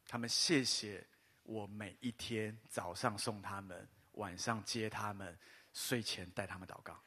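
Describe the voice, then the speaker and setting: A man, a pastor telling a personal story in a sermon, pausing in short bursts for an interpreter. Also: lowish voice, a little hiss or hum. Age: 50s. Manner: lively storytelling pauses for an interpreter. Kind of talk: sermon testimony.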